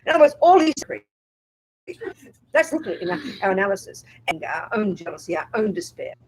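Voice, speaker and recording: A Buddhist nun leads a retreat talk in a slightly husky voice that swings widely up and down in pitch. She is blunt and emphatic and keeps asking the room whether they get her point. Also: a little mellow, low-quality recording. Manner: emphatic and blunt, asks the audience if they follow; acts out inner voices in quotes. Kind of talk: dharma talk to a live group.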